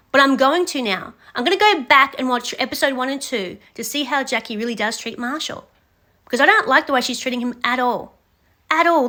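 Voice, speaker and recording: Young female commentator, high and bright, blunt scolding rant. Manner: blunt, scolding, addresses the contestant directly. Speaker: reaction commentator. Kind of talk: ranting reality show commentary.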